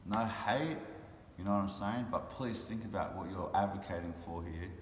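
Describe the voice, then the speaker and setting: A man's voice: low voice, moderate pace. A tired, frustrated man in a casual vlog monologue, talking in heated, impassioned bursts. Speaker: vlogger and animal rights speaker. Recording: roomy echo with long reverb and faint noise.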